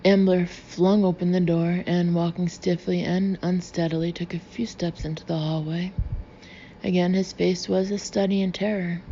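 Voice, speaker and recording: Mellow, flat-toned woman narrating. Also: fairly low pitch. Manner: even, measured reading. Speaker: audiobook narrator. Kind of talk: scripted audiobook narration. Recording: slightly dull recording with faint hiss.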